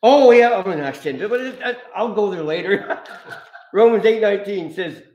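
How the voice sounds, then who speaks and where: Animated preacher man in an echoey room. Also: high-pitched, normal speed, highs cut off. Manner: animated, laughs often, storytelling. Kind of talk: informal sermon.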